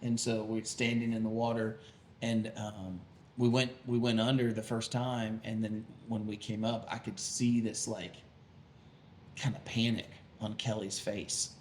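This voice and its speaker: A man's voice: lowish voice, little pitch movement, measured pace. A man, co-hosting a podcast and chatting casually, full of fillers and restarts. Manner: rambling, many fillers and restarts. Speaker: podcast co-host, pastor. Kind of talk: casual chat. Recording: echoey room with faint noise.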